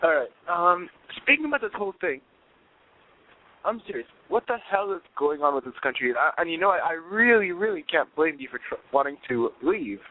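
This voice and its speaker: Earnest guy calling in w questions, highish voice, tinny phone line. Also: sing-song, a little fast. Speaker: caller. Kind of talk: call-in radio chat.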